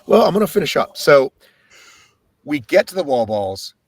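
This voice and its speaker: A man co-hosting a podcast, telling his race story in a casual, animated way and swearing often. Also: on the high side, normal speed, no echo. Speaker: podcast co-host.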